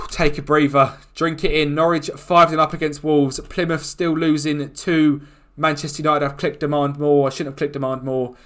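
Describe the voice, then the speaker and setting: Excitable man commentating a game. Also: fairly high pitch, moderate pace. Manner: excitable, groans and shouts at the match. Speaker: gaming YouTuber. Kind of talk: football management game commentary.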